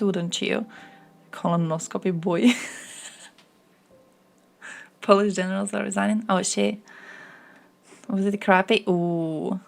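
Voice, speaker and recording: A young woman streams live, chatting casually and reacting to news and chat messages. Her voice is gravelly, with a mid-range pitch. She is crude and loose, laughing often as she goes. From the Balkans. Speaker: livestreamer.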